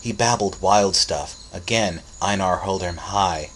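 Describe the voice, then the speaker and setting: Low-voiced man reading a story. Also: unhurried, a little hiss or hum, poor audio. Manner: steady, dramatic storytelling. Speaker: narrator. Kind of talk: audiobook reading.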